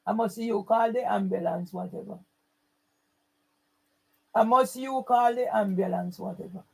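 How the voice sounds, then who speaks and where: A woman's voice: mid-range voice, moderate pace, creaky, darkish tone, slightly rough, poor audio. A woman, running her own channel, speaking straight to camera in an angry, accusing and repetitive way. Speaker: channel owner. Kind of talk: angry direct-to-camera rant.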